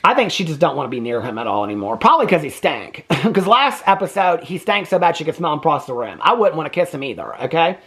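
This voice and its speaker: A man's voice: fairly high pitch, very animated, fast talker, few pauses, fairly bright tone. Male reaction vlogger, casual, rambling, sassy and profane. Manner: chatty, rambling, sassy, swears freely.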